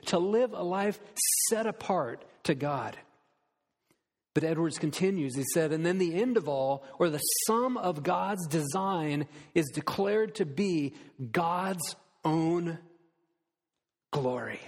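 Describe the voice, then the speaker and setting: A man preaching a sermon as pastor, earnest and slowing down to stress key words. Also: high-pitched, lively intonation. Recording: long reverb of a church hall.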